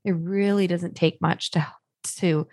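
A woman's voice: on the low side, fairly even intonation, a little slow, warm tone, no echo, clean studio sound. A young adult woman co-hosting a podcast, chatting casually and telling stories, full of little fillers. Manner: chatty, storytelling with many likes. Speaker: podcast co-host. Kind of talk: casual chat.

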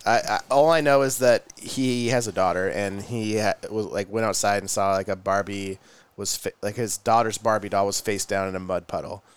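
A man's voice: lowish voice, fairly even intonation, normal speed, smooth. A man co-hosting a casual podcast, laid-back, chatting and presenting a beer and its brewery story. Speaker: podcast co-host. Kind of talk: casual chat, beer review.

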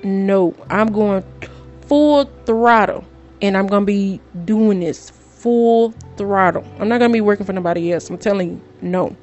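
A woman's voice: mid-range voice, measured pace, a little mellow, muffled recording, faint music behind. A woman podcast host, talking straight to her listeners in an emotional, preachy way. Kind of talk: casual monologue.

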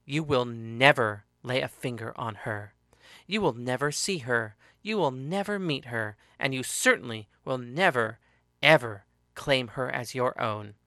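A ruthless young woman fighter speaks in a low, controlled, quietly menacing voice, as a male reader puts her on. The tone stays bright and forceful, and the sound is dry and close. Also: measured pace, dry recording.

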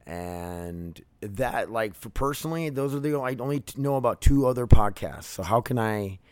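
A man's voice: lowish voice, animated, moderate pace, darkish tone, clear, resonant tone, dry recording. A man in his thirties hosting his own podcast, talking casually and candidly, rambling with many fillers and restarts. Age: 30s. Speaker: podcast host. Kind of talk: casual solo podcast monologue.

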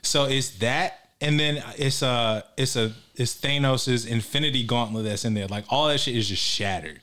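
A man's voice: medium pitch, moderate pace, sharp tone. A man hosting a casual podcast, rambling with fillers and laughter. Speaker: podcast host. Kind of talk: casual chat.

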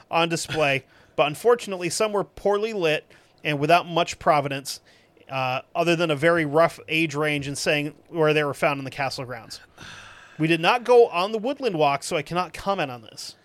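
A man with a somewhat high voice reads reviews aloud and cuts in with sarcastic, profane, deadpan asides. The sound is dry and close, with no room around it. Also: brisk, dry recording. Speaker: podcast host. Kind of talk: reading reviews aloud with comic commentary.

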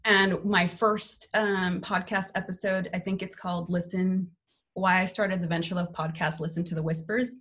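A young adult woman leads a live online motivational workshop as host and life coach, sounding upbeat and candid and swearing casually while she coaches. Her voice sits on the low side with a level tone, a slightly bright quality, and a normal pace.

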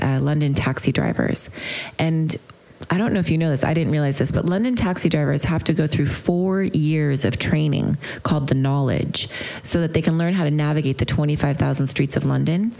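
Her voice is low-pitched and creaky as she lectures on mindfulness at a retreat she teaches. She tells a story earnestly and reflectively, hesitating gently at times.

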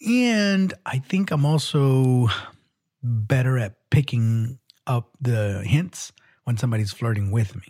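A man's voice: medium pitch, expressive, slow pace, darkish tone. A man co-hosting a casual podcast chat about relationships, who laughs often and restarts his sentences. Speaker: podcast co-host.

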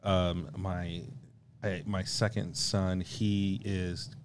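A man's voice: sits low, little pitch movement, extremely slow, background noise. A young man, a coworker guest on a podcast, telling self-deprecating stories in casual chat. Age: young adult.

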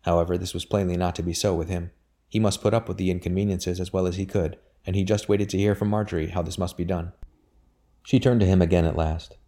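Male audiobook reader, deep and mellow, measured delivery. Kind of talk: audiobook narration of a historical novel.

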